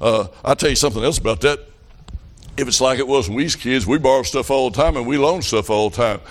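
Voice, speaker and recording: A middle-aged man with a Southern US accent preaching a revival sermon, telling folksy stories and building up to fervent shouts. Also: medium pitch, quick pace.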